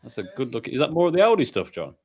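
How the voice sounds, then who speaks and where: A man's voice: medium pitch, huge pitch swings, rapid-fire. A man hosting a casual chat, wry and teasing.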